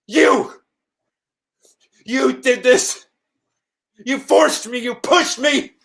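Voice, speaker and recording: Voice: high-pitched, very slow, a bit bright, heavily acted. A performer playing an authoritarian father who gives cold, commanding orders in a stage reading. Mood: anguished. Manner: cold and commanding, later anguished. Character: stern father, authoritarian official.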